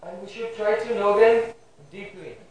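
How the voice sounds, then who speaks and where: A man gives a devotional class in a strongly echoing room, heard from a distance with faint ambience behind. His voice sits high for a man. He often pauses to check in with a questioning "hmm?". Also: steady tone, darkish tone. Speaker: spiritual teacher giving a class. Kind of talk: devotional lecture. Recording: very echoey room, voice far from mic.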